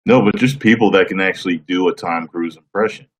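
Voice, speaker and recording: A man with a very low voice talks loosely to his live-stream chat. He answers viewers by name and breaks into laughter now and then, recorded on a simple webcam mic. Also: a little fast, slight background noise.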